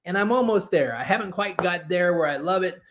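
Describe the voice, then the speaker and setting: A man in his forties giving a folksy, energetic motivational talk as a book publishing coach. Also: high voice, fairly quick, slight background noise. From Oklahoma. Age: 40s. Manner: folksy storytelling, energetic and persuasive.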